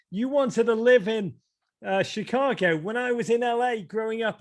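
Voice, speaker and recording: This author, an Englishman with a Liverpool accent, talks about his book and reads from it over a video call. His voice sits on the high side with a creaky quality, and he animatedly performs the quoted voices in his casual stories.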